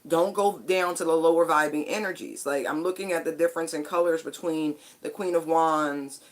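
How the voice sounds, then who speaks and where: A woman's voice: deep voice, steady tone, normal speed. A woman giving a casual spiritual tarot reading, chatty and emphatic, with casual swearing. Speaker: tarot card reader.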